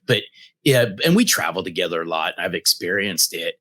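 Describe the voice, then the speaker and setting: A man with a husky, slightly raspy voice co-hosts a podcast. He chats casually and sometimes stumbles over the start of a sentence. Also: deep voice, very animated, brisk, sharp tone. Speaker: podcast co-host. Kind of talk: casual conversation.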